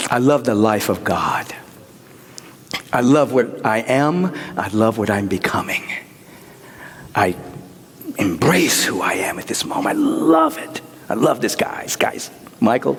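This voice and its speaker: A pastor preaching to his congregation, his voice leaping high into near-shouts and sinking into breathy whispers. The tone is a bit husky. A long reverb from the church hall trails each phrase. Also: sing-song, moderate pace, long pauses. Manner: swings from soaring shouts to hushed whispers. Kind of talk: sermon.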